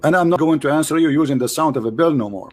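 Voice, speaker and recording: A show host debates a caller at a quick pace, teasing and mocking him. He repeats himself and swings between loud jabs and quiet asides.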